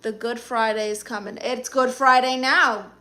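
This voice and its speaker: A woman's voice: fairly high pitch, steady tone, moderate pace, bright, forceful tone. A woman from Brooklyn with a New York accent, casually chatting on a live stream and firing sassy comebacks at viewers. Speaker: comedian live-streamer reading chat.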